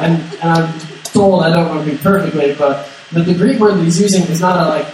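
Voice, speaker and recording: A man giving a conversational sermon in a slightly high voice, stumbling over repeated words and slipping into the voices of the people he quotes. He sounds distant from the mic in a strongly echoing hall with faint noise underneath. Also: steady tone, a little fast, a little mellow. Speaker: preacher. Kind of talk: sermon, conversational Bible teaching.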